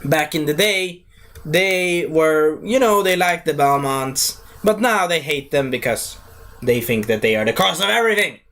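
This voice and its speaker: Man, casual reviewer, rambling and jokey, high lively voice. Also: a little slow. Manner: rambling, joking, acts out scenes. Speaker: show reviewer.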